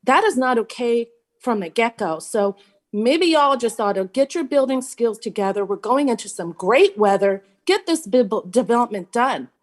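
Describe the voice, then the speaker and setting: Casting: high-pitched woman, blunt and fed up, city meeting public comment. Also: lively intonation, moderate pace. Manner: frustrated, emphatic, blunt.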